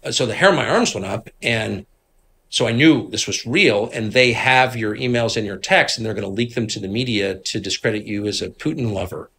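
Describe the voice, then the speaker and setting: A middle-aged man from Washington, D.C., a guest telling stories in a candid conversation, moving between low asides and emphatic outbursts. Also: fairly quick, a bit bright, slight background noise.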